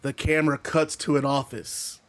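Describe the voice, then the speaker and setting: A man giving excited, casual play-by-play commentary on a wrestling video game he is playing, shouting at the big moments. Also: medium pitch, normal speed. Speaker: gamer commentating his own matches.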